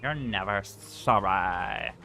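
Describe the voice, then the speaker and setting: A man's voice: fairly low pitch, takes it slowly, pushed and bright, a little hiss or hum. A man streaming a game, chatting casually and teasing his co-host with dry remarks. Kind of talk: casual chat while gaming.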